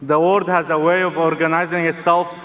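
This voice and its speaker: This young adult Egyptian student, speaking with an Egyptian Arabic accent, gives a comic but earnest graduation speech in a big arena full of long reverb. His fairly high, slightly bright voice is delivered flatly and fairly quickly.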